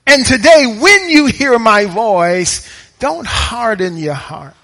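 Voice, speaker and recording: A man's voice: very high-pitched, expressive, slow, pushed and bright. A man preaching a sermon with an emphatic, repetitive cadence, throwing rhetorical questions to the congregation in a church.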